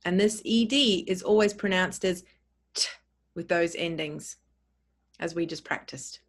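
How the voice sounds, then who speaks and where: A woman teaching a pronunciation lesson, saying words slowly and clearly, repeating them and spelling them out letter by letter. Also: on the low side.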